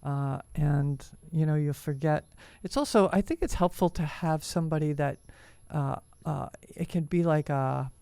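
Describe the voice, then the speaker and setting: Woman, very low voice, dry close sound, gentle, encouraging, co-host. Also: normal speed, gravelly, no echo. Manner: gentle, encouraging, frequent affirming murmurs. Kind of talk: casual conversation.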